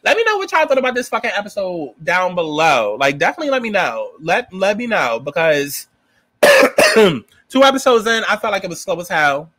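A man recaps a TV episode in a high, bright voice that swoops up and down with dramatic, sassy energy. He swears freely and acts out his own reactions in a dry, close sound. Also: wildly swooping pitch, brisk. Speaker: TV episode reviewer. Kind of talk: casual profane recap and review.

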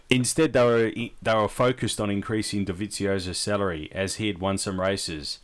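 A man's voice: lowish voice, fairly even intonation, normal speed. An Australian man co-hosting a motorsport podcast, easygoing and hesitant, with many ums in casual chat. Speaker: podcast co-host.

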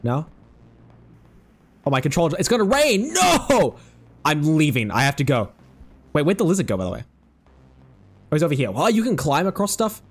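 A man giving casual, excitable commentary on his own game run, swearing freely and chatting to the creatures on screen. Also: a little high, moderate pace, pauses often. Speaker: let's play host.

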